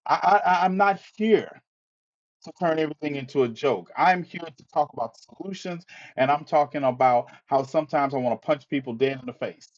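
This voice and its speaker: A man on a live stream delivers an exasperated, impassioned monologue full of swearing, stammering and repetition. He speaks briskly at a fairly high pitch, with the top end of the audio cut off.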